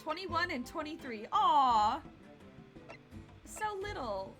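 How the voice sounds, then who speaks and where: Over music, a woman in her twenties gives casual, rambling gameplay commentary on her stream, with plenty of fillers. She speaks slowly in a high voice with big pitch swings.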